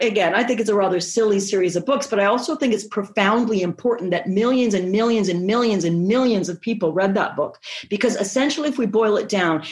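A frank, expressive woman speaking as a sex therapist guest, emphatic and unguarded in her phrasing. Her voice sits at a middle pitch and carries a noticeable room echo. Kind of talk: candid conversational interview talk.

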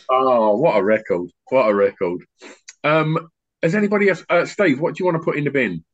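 A middle-aged man hosting a podcast on a video call, a rambling, animated storyteller who often restarts his sentences. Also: mid-range voice. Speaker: podcast host and DJ. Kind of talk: casual chat on an online call. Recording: muffled lo-fi online call audio.

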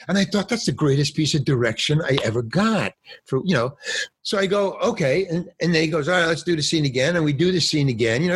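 Husky older man telling lively stories. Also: a little high, no echo. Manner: rambling anecdotes, acts out quotes. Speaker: actor and guest. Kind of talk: casual storytelling interview.

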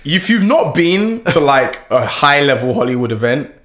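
Brief: young founder, lively storyteller, laughs a lot, voice jumps up and down. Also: male voice, moderate pace. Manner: animated, laughs often, lively pitch swings. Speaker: founder, interview guest. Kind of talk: casual interview storytelling.

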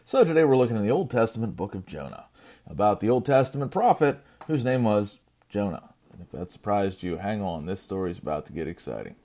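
A man retells a story as a dad would, casual and conversational with little jokey asides. His voice is lively, rising and falling a lot as he goes. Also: on the low side, a little fast. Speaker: dad reading a Bible story.

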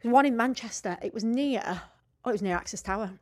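A woman's voice: fairly high pitch, a little mellow. A woman from Rossendale with a Lancashire accent, chatting casually and swearing freely as a podcast co-host. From Rossendale, England. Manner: chatty, swearing, quick asides. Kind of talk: casual chat.

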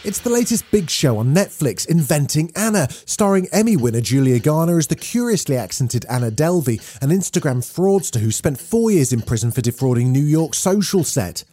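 Guy reading news headlines, bouncy pitch, kinda husky, faint music under it. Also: sing-song, warm tone. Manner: brisk, clear newsreader delivery. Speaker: news podcast host.

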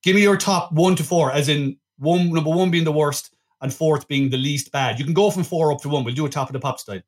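A man hosts a casual film-review chat in a wry, rambling way. His voice sits a touch high for a man. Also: fairly quick. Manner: wry, chatty, full of restarts. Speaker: podcast host.

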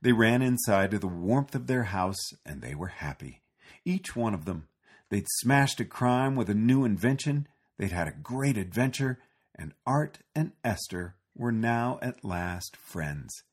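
A man reading a storybook aloud with expressive, animated narration. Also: on the low side, unhurried.

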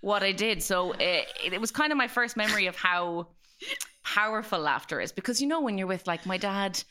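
A woman's voice: mid-range voice, expressive, brisk, noisy background. An Irish woman from Galway, guesting on a podcast and telling stories in a playful, joking way. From Galway, Ireland. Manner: playful, jokey storyteller. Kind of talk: casual chat. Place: studio.

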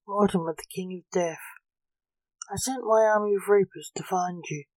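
A woman's voice: mid-range voice, normal speed, darkish tone, no room sound, close to an everyday voice, rough recording. A woman voicing a gloomy, world-weary male King of Death in a storybook reading. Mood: dry, commanding.

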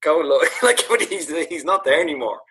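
A man's voice: a little high, sing-song, brisk, bright, forceful tone, breathy edge. A man, a comedian chatting casually and acting out voices as he tells stories. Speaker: podcast co-host, comedian. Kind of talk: casual chat.

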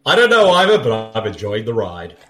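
Co-hosting a casual movie commentary podcast, a man with a fairly low voice and wildly swooping pitch jokes and laughs often, tossing in quick asides. The recording has a roomy echo.

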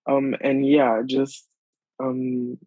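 A man's voice: medium pitch, drawn-out words, no echo, lo-fi sound. Young man from Bonaire, reflective. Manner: relaxed, reflective, many fillers and likes. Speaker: podcast guest. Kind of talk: casual conversation.

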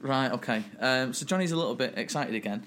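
A man's voice: mid-range voice, quick pace, fairly bright tone, slight background noise. A man in his late twenties, co-hosting a podcast, telling stories in a teasing, chatty way. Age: 20s. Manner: chatty, laughing, teasing storyteller. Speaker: podcast co-host. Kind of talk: casual banter.

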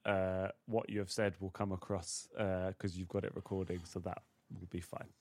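A man's voice: deep voice, little pitch movement, moderate pace, a little mellow, a little hiss or hum. A man who is a comedian co-hosting a podcast over a remote call, telling stories in a loose, chatty way. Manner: casual storytelling with laughs, loose and chatty. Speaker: comedian co-host. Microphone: remote call, dry close sound.

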